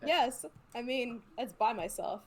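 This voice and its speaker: A woman playing her character in a tabletop game, giggly and animated. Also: fairly high pitch, a little slow, crowd noise. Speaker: player. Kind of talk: casual role-play chat.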